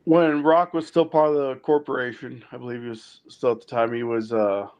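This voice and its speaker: A man's voice: medium pitch, steady tone, a little fast, muffled recording. Hesitant man chatting with fillers. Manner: hesitant, many fillers and self-corrections. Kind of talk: casual chat.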